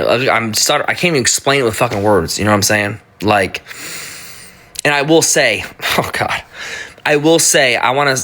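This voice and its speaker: A man's voice: mid-range voice, pushed and bright. A man in his thirties talking casually on a live stream, blunt and profane, often stumbling and restarting his sentences.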